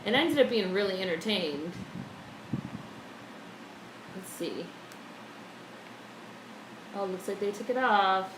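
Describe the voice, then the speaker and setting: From a room at home, a woman chats casually on a live stream, cursing freely and reading viewer messages out loud. Her medium-pitched voice is animated but slow, with long pauses. The room echoes and there's faint background noise.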